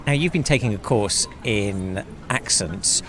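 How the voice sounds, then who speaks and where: A man's voice: lowish voice, lively intonation, measured pace, fairly bright tone, a little hiss or hum. A man hosting a podcast, narrating between clips and asking friendly, curious questions. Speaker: podcast host.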